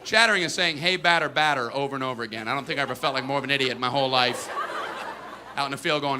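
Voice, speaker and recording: A man doing stand-up comedy, telling stories and bursting into shouted voices of other characters. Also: fairly high pitch, rapid-fire. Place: comedy stage. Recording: live show with crowd laughter and noise.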